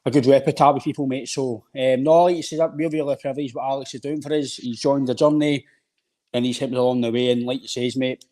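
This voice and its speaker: A man with a Scottish accent co-hosting a live podcast in easy, friendly banter, quick to laugh. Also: medium pitch, fairly even intonation, dark tone. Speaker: podcast co-host. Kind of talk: casual live podcast chat.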